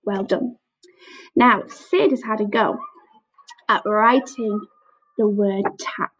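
A woman teaching a phonics lesson to young children on camera, sounding out letters slowly with lots of praise. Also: medium pitch, steady tone, low-quality recording. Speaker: primary school teacher.

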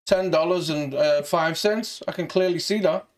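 Scouse man, high-pitched, mouthy and sweary, mock hard man on a prank call. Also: normal speed. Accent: Liverpool (Scouse). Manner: brash, sweary, mock-tough. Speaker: scambaiter.

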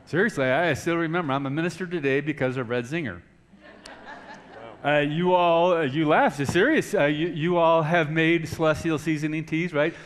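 Man preaching a storytelling sermon, slightly high. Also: moderate pace. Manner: dynamic, swings from hushed to shouting. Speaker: pastor.

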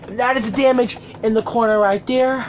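A man's voice: very high-pitched, fairly even intonation, fairly quick, a little hiss or hum. A teenage boy unboxing a collectible toy on his vlog, swearing constantly and ranting angrily between mumbled hums. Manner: profane angry ranting.

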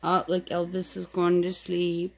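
Woman, tired, slow unhurried speech, gentle cooing to pets, casual vlog. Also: on the low side, completely flat delivery, gravelly. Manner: soft, fond baby talk to kittens. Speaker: vlogger. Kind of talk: casual home video chat.

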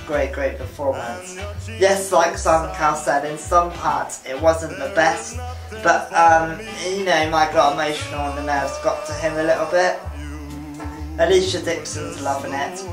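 A man's voice: a little high, moderate pace. Enthusiastic man reviewing. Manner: enthusiastic, repeats praise words. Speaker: talent show reviewer. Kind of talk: casual video review. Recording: roomy sound with music behind.

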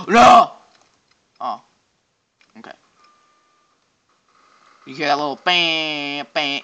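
A man giving goofy, excitable, rambling commentary while playing a game and joking to himself. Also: fairly high pitch. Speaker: game reviewer. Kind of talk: casual gameplay commentary.

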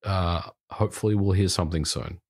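A man speaks as a guest in a casual podcast chat, with a slightly low voice. He talks hesitantly and restarts his phrases as he works out his thoughts. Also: fairly even intonation, brisk, darkish tone. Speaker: game developer guest.

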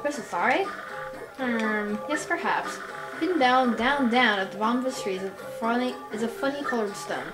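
A cranky old tribal elder, as a woman puts her on, barks orders and grumbles in a fairly high voice. She scolds, forgets things and bosses the young ones around. Game music plays in a roomy space behind her. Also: normal speed, natural voice. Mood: scolding.

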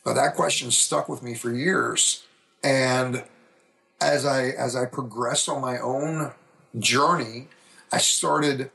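A man's voice: medium pitch, vocal fry, a bit bright. A middle-aged man, a podcast guest, telling his own story in an earnest, reflective way with frequent restarts. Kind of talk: candid storytelling interview.

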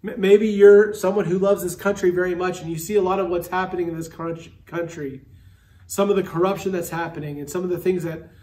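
A male pastor preaching a sermon earnestly, slowing and dropping low on key words. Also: fairly even intonation, dark tone, recorded from a distance. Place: church sanctuary.

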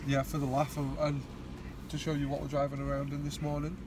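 High-voiced Yorkshire man joking in a car. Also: completely flat delivery, brisk, noisy background. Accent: Yorkshire English. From Yorkshire, England. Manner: playful, joking, loud outbursts. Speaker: vlog co-host. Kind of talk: casual banter. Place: inside a parked car.

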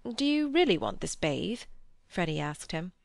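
A woman voicing an awkward, hesitant young man in an audiobook, with a gravelly tone. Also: on the low side, sing-song, moderate pace, dry recording, clean studio sound. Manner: hesitant, mumbling.

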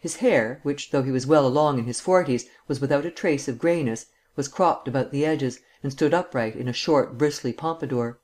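A man's voice: medium pitch, normal speed, few pauses, darkish tone. Man narrating a classic mystery audiobook.

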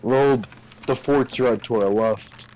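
A young man chatting casually with teammates during a game, giving relaxed callouts. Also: medium pitch, takes it slowly, poor audio. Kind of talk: casual gaming chat.

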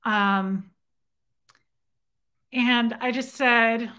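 A woman's voice: fairly high pitch, drawn-out words, smooth. A young adult woman hosting her own show, casually retelling a personal encounter and acting out both sides of the conversation for her viewers. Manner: animated retelling with quoted dialogue and side remarks to chat. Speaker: host.

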